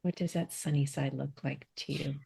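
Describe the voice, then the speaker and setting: A woman's voice: rumbling low, fairly even intonation, moderate pace, gravelly, warm tone, slightly rough. A woman hosting a podcast, asking questions and adding brief supportive interjections. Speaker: podcast host.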